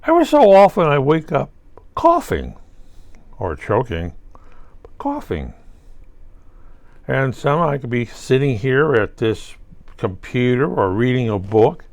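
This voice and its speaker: A man's voice: mid-range voice, big pitch swings, measured pace, long pauses, a little mellow, dry recording. An older man rambling through a solo monologue, asking himself questions and answering them with wry asides. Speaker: vlogger.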